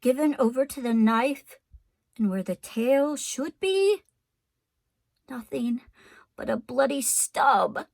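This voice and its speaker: A woman teacher reading a storybook aloud to her class, in an expressive, unhurried way. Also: high-pitched, creaky, no echo.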